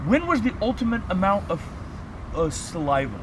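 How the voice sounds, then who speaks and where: A man's voice: high voice, big pitch swings, normal speed, noisy background. A man leading a dog training workshop, lecturing and sharply calling out commands.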